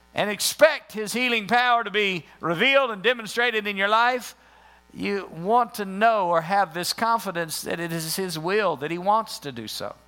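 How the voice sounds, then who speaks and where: A man preaching a sermon, reading scripture verses slowly and repeating them for emphasis. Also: high-pitched, sharp tone, smooth.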